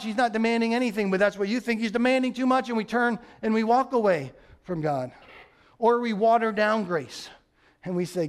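Guy preaching a sermon, pretty high voice, chatty and repeats stuff for emphasis. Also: a little fast. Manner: conversational, repetitive emphatic preaching. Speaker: pastor.

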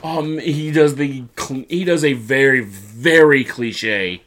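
A man co-hosting a casual wrestling recap, talking in an animated way and acting out the wrestlers' lines in put-on voices. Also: medium pitch, takes it slowly. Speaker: podcast co-host.

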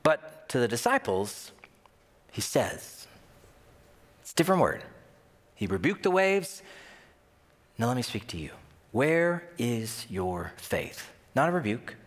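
A man preaching a sermon in an animated way, often acting out the voices of the people he quotes. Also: mid-range voice, a little slow, pauses often. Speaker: pastor. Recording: long hall reverb.

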